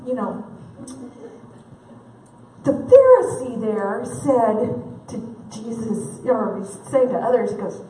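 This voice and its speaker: A woman's voice: fairly high pitch, very animated, a little slow, mellow, slight background noise. A woman conference speaker giving a humorous faith talk, candid and self-deprecating, laughing often, heard from a distant mic in a large event hall.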